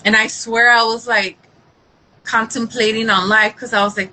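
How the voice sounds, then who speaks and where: A woman in a casual faith-based chat, telling her story in an animated way, acting out what people said, with frequent restarts. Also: fairly high pitch, measured pace, slight background noise, poor audio.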